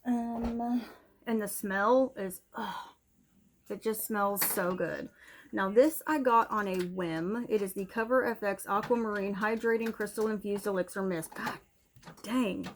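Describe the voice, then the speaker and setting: A young woman chatting through her favourite beauty products in a relaxed, candid way, a touch out of breath. Her voice sits at an ordinary middle pitch. She talks straight to the camera like she is speaking to a friend. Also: unhurried, a little hiss or hum. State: a little out of breath. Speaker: beauty vlogger. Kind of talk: casual product review chat. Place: home room, TV on in background.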